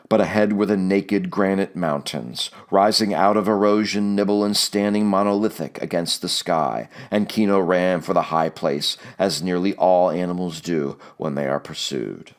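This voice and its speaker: A man reading a novel aloud as an audiobook narrator, measured and steady. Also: low-pitched.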